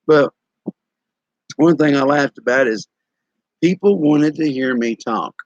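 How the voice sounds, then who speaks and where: Speaking a little slowly in a mid-range voice, this stream host, a man in his sixties from East Tennessee, drawls out casual, folksy stories for the chat and chuckles along the way. The lo-fi recording carries no room sound.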